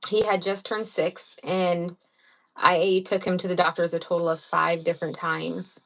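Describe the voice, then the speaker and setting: A woman who is a mother and guest on a live podcast, speaking earnestly with frequent pauses. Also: on the low side, level tone, creaky, fairly bright tone, a little hiss or hum.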